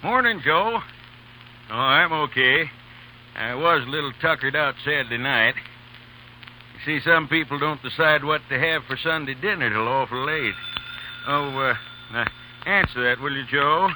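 A man's voice: on the high side, animated, moderate pace, pauses often, pushed and bright, poor audio. A man voicing a friendly corner grocer in a 1930s radio ad sketch, chatty and folksy. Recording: hissy old radio broadcast.

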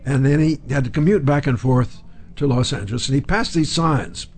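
A man's voice: medium pitch, moderate pace. An older man, an interview guest, telling anecdotes and acting out the voices of the people in them. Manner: acts out quoted voices while telling stories, chuckles. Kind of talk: anecdotal storytelling.

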